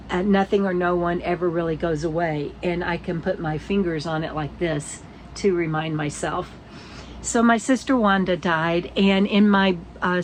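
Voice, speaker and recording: Older woman, tired, casual morning vlog chat, halting and rambling, lowish voice, faint room ambience. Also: slight background noise, poor audio. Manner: rambling, halting, with frequent restarts and soft laughs. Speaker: vlogger. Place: inside her RV.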